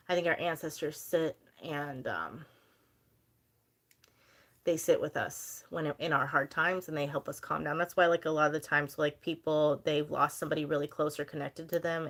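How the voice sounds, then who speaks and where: A woman's voice: fairly low pitch, pushed and bright. A young woman hosting a casual livestream, talking in a chatty, rambling way and reading out viewer comments. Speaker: livestream host.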